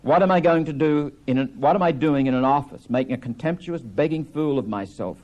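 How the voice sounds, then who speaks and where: A man reading aloud as an angry grown son confronting his father, raised and forceful. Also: medium pitch, animated, moderate pace, lo-fi sound, lightly acted. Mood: pleading.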